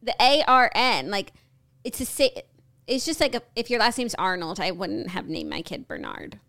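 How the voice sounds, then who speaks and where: A young woman co-hosting a podcast, chatting casually with relaxed, wry asides. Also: mid-range voice, normal speed, creaky. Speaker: podcast co-host. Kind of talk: casual gossip chat.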